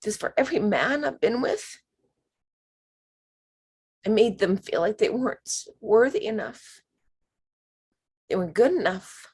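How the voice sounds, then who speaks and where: A woman leading a spiritual workshop, talking slowly and emphatically and sometimes dropping to a whisper. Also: medium pitch, expressive, a little mellow, slightly rough. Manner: slow, emphatic, drops to whispers. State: emotional. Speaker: workshop leader.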